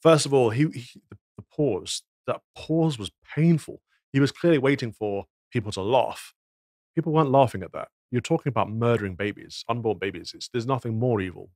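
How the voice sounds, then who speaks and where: Reacting to news clips, a podcast commentator moralizes indignantly and fires off rhetorical questions. His mid-range voice is expressive, fairly quick, and a little mellow, with no room sound.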